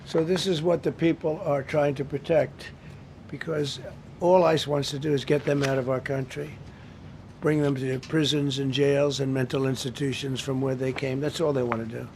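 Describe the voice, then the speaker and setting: A man's voice: mid-range voice, flat delivery, moderate pace, darkish tone, a little hiss or hum. A man speaking off the cuff at a press briefing, rambling, repetitive and emphatic.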